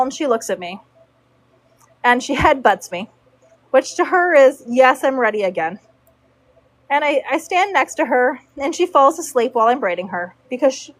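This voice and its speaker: A woman's voice: high voice, rough recording. A woman casually telling a story from her work as a horse braider, acting out the people in it. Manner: animated, acts out quoted dialogue.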